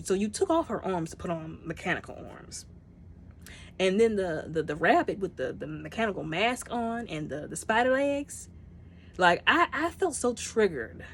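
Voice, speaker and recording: A woman with a fairly low voice chats through a movie review, emotional and talkative, calling out to her viewers as y'all. She slips into the characters' lines as she retells scenes. A faint hiss sits under the voice. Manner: acts out characters' lines in bursts. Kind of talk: casual movie review chat.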